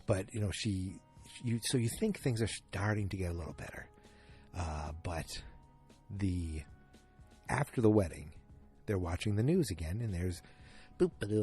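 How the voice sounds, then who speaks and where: A man's voice: lowish voice, moderate pace, breathy edge, faint music behind. Rambling man recapping a TV episode. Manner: rambling, animated retelling with quoted voices. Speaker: podcast host. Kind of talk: casual solo recap.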